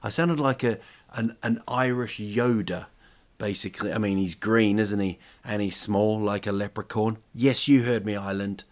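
A man's voice: fairly low pitch, normal speed. A young man hosting a solo podcast, talking in a rambling, jokey, self-mocking way with plenty of fillers and restarts. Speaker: podcast host.

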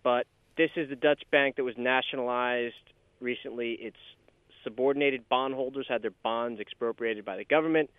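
A man's voice: medium pitch, clear, resonant tone, no room sound. Upbeat man host over a phone-like line. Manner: upbeat, jokey, introduces the next segment. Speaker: podcast host. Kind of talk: casual podcast chat. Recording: phone-like remote line, dry.

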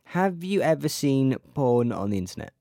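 Low-voiced woman with dry quips. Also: very animated, moderate pace, dark tone, no room sound. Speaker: podcast co-host. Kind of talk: casual chat.

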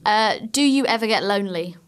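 A woman's voice: medium pitch, expressive, a little fast, noisy background. Teasing woman podcast host. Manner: teasing, giggly questions. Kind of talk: casual interview chat.

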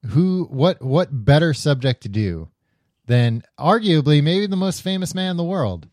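A man's voice: on the high side, animated, a little slow, a little mellow, dry recording, clean studio sound. A man co-hosting a pop culture podcast, explaining things in a rambling way with many fillers. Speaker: podcast co-host. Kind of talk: casual chat.

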